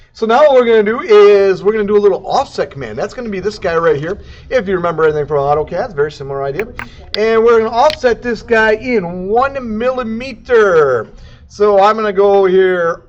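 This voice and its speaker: A man giving a casual, jokey software tutorial, throwing in sound effects and silly asides. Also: high-pitched, highs cut off. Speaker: CAD instructor. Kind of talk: casual screen-recorded tutorial.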